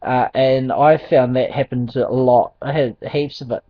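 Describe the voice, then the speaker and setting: A man tells a personal faith testimony, hesitating often with ums and restarts and chuckling as he goes. His mid-pitched voice sits in a dry, close space. The recording is dull and lo-fi. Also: steady tone, a little slow, no echo. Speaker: Christian testimony speaker. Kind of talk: casual spoken testimony.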